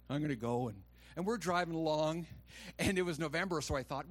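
A pastor with a slightly high voice preaches at a normal speed, telling a personal story and reading from scripture. He acts out the voices he quotes, shifting from quiet asides to loud, rising exclamations.

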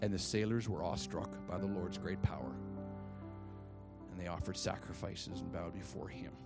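A man's voice: low-pitched, fairly even intonation, normal speed, gravelly, over loud music. A man preaching a sermon in a church, emphatic and calling on the congregation to repeat after him. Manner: emphatic, calls for congregation response. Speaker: pastor.

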